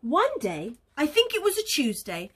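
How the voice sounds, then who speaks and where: A woman teacher reading a picture book aloud to young children, animated, gasping and coaxing them to join in. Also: high voice, measured pace. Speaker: early years teacher.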